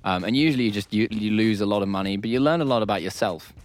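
A man's voice: lowish voice, quick pace. An English man co-hosting a radio comedy show, chatting in a wry, rambling, self-mocking way. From England. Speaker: radio co-host. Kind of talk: casual studio banter.

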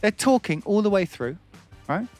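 A man who does stand-up spins long, rambling anecdotes on a radio show, laughing often and acting out other people's lines. His voice sits a little high and moves a lot, with faint music behind him. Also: big pitch swings, normal speed, a little mellow. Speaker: comedian and radio host. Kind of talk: casual radio storytelling. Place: radio studio.

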